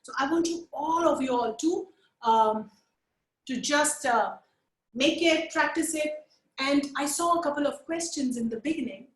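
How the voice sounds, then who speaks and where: High-voiced woman teaching puppetry. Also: measured pace, reverberant. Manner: energetic, coaxing, counts along with viewers. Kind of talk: live webinar instruction. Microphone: video call.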